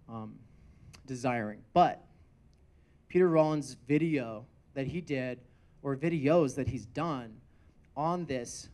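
A man's voice: medium pitch, a little mellow. Man hosting, loose hesitant introduction. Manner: loose, hesitant, full of fillers and restarts. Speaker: event host introducing the speaker. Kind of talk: casual spoken introduction.

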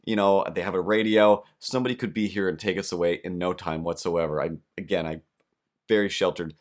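A man's voice: low voice, fairly even intonation, brisk. A young man hosting a podcast who tells a rambling, self-deprecating comic story. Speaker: podcast host.

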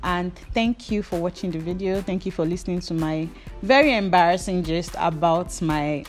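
Animated Nigerian woman telling a story. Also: lowish voice, normal speed, faint music behind. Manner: animated, acts out inner voices with dramatic flair. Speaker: hairdresser host. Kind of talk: casual storytelling gist.

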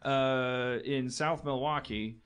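A man telling a story in casual chat, rambling and halting, with many restarts, often laughing as he talks. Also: mid-range voice, steady tone, fairly bright tone, clean tone.

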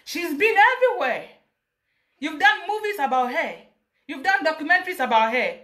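Ghanaian woman, high bright voice, emphatic and passionate as an interview guest. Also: sing-song, normal speed. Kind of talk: emotional personal account.

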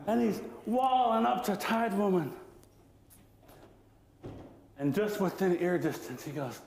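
A male storyteller tells a traditional legend aloud at a live talk. His voice sits high and swings widely as he narrates playfully at an unhurried pace. The sound echoes around a lecture hall. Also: animated, creaky, darkish tone, a little hiss or hum.

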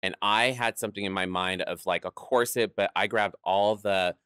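Drag performer guest, male, fairly low voice, lively storyteller, dry studio mic. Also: moderate pace, clear, resonant tone, no echo. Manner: animated, acts out quoted voices, laughs often. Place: podcast studio.

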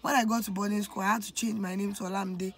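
A woman's voice: medium pitch, fairly even intonation, fast talker, slightly rough. Nigerian woman telling a personal story. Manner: emotional, confiding storytelling that addresses viewers directly. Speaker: vlogger. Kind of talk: storytime vlog.

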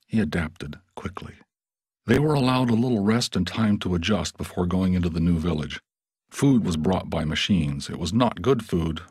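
Deep, husky male audiobook narrator. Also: dry recording.

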